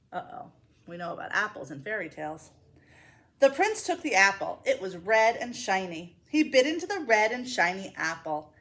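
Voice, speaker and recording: Expressive woman reading a picture book. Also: medium pitch, normal speed. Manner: expressive and playful with asides to listeners. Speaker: school librarian. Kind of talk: children's book read-aloud.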